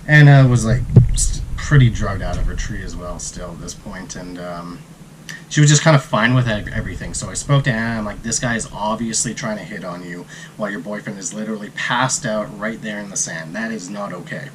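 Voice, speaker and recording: A man telling a travel story in a relaxed, casual way, acting out the quotes. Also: lowish voice, a little fast, a little hiss or hum, rough recording. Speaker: travel vlogger.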